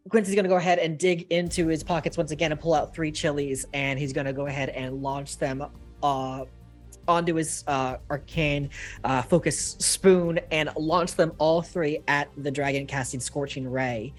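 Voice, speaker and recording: A man's voice: on the high side, steady tone, normal speed, soft background music. A man playing a tabletop game, easygoing as he describes spells and adds up damage aloud. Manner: easygoing, talks through dice math aloud. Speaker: player.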